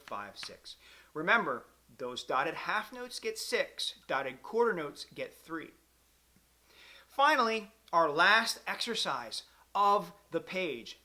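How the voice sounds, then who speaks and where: A male music teacher with a bright, forceful tone gives a clarinet lesson. He counts the beats out loud and explains each step patiently, keeping his delivery encouraging. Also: fairly high pitch.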